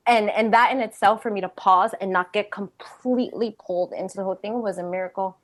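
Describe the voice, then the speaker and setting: A woman speaks over a video call to a retreat group, telling a personal story at a middle pitch. Her delivery is animated: she laughs readily, then drops into quiet, hushed stretches. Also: fairly quick, hardly any pauses. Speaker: retreat participant sharing a question. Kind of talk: emotional personal sharing.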